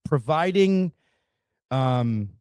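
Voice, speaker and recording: A man's voice: medium pitch, expressive, drawn-out words, a little mellow, smooth, no echo. A man hosting a podcast who talks in a reflective way and often restarts as he searches for words. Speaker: podcast host. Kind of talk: casual podcast conversation.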